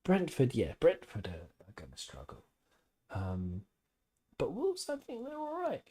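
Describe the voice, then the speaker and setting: A man's voice: fairly high pitch, wildly swooping pitch, unhurried, mellow. A man hosting a casual live-stream podcast from home, reading out chat comments and rambling with opinionated, jokey asides.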